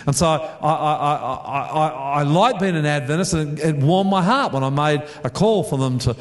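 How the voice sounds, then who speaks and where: A man's voice: a little high, moderate pace, roomy sound. A middle-aged Australian man preaching a sermon to a congregation, chatty, repeating words and putting questions to the audience. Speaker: pastor. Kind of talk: storytelling sermon.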